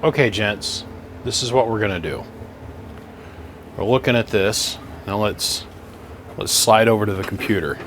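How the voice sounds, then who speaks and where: A man's voice: lowish voice, normal speed, pauses often, slight background noise. A man in his home workshop, talking through radio gear in a folksy, chatty way and thinking aloud as he explains. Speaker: radio equipment hobbyist. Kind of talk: casual workshop vlog.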